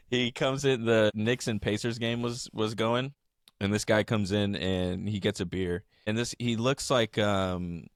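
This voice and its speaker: A man's voice: on the low side, slow pace, no room sound, clean studio sound. A young man co-hosting a podcast in casual chat, telling stories with lots of swearing and laughter. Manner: animated storyteller, swears freely, laughs often. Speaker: podcast co-host.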